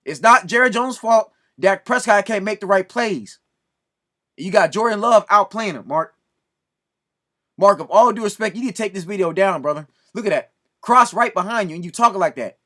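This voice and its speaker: A man's voice: high-pitched, expressive, moderate pace, pushed and bright. A man ranting in commentary, scolding and preaching with lots of repetition. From Southern California. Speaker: video commentator.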